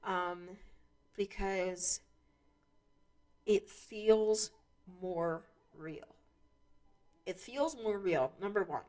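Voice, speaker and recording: A woman's voice: mid-range voice, extremely slow, pauses often, a little mellow. A woman hosting her own show, talking casually in a rambling way with many restarts and fillers. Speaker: podcast host. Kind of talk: casual monologue.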